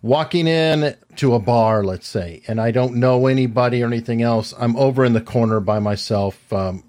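A man's voice: mid-range voice, normal speed, darkish tone. A man hosting a podcast interview, talking casually and offering short replies. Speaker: podcast host.

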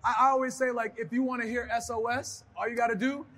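Man, high bright voice, animated interview guest who slips into voices mid-story. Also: fast. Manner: animated, acts out voices in his stories. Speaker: guest, pro wrestler.

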